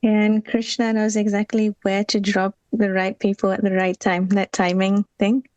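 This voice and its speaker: A woman's voice: mid-range voice, little pitch movement, moderate pace, darkish tone, dry recording, lo-fi sound. A woman hosting a podcast interview, responding to her guest and asking questions in an encouraging way. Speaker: podcast host. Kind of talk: interview conversation.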